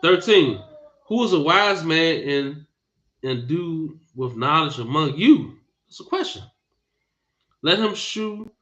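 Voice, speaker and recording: A man's voice: fairly high pitch, bright, forceful tone. A man preaching a Bible teaching sermon, emphatic and scolding, repeating phrases for force. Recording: dull lo-fi recording.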